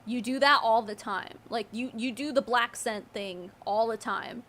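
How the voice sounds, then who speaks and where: A woman's voice: on the high side, normal speed, a bit bright. A young woman giving sarcastic, incredulous commentary while reacting to a livestream, mocking and often laughing.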